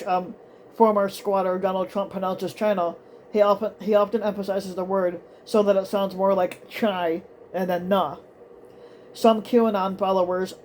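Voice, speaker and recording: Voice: mid-range voice, mellow, a little hiss or hum. A political commentator casually reading news aloud, stumbling over words with many ums and restarts, breaking off for profane asides.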